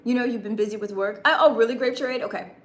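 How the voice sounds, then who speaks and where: A woman's voice: on the high side, racing, reverberant. A woman live streaming a rambling late-night chat with viewers, greeting them by name, with a broadcaster-like voice.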